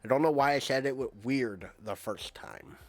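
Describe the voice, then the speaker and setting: A man's voice: mid-range voice, normal speed, dry recording. A male streamer on a live game stream, reading out game text and word lists with playful asides.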